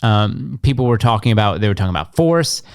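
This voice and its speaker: A man's voice: fairly low pitch, animated, quick pace, smooth, dry recording, clean studio sound. A young man co-hosting a podcast in casual chat, blunt and sarcastic, often acting out other people's lines. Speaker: podcast co-host. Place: podcast studio.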